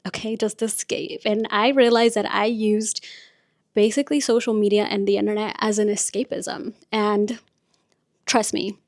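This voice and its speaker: A woman's voice: medium pitch, little pitch movement, normal speed, no room sound. Chatty young woman podcaster, dry sound. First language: Spanish. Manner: chatty, confiding, frequent "like" and "you guys". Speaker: podcast host. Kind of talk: casual chat.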